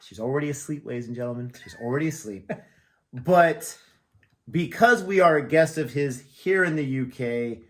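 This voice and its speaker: A man's voice: medium pitch, moderate pace. A man from the United States hosting a reaction channel, joking and chatting casually with a friend at that friend's house. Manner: jokey, chatty, laughs often. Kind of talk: casual chat.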